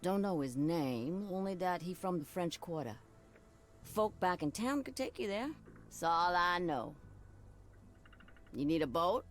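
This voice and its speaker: A woman's voice: on the low side, fairly bright tone, heavily acted. An actress voicing a shrewd bayou woman with a Creole accent who keeps dogs and hires out boats, in a video game. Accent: Louisiana Creole.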